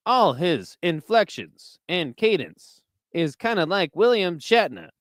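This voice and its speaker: A man's voice: medium pitch, normal speed, a bit bright, clear, resonant tone, no echo. A young man streaming who chats with his viewers while watching videos, laughs often, swears freely and tells stories with animation.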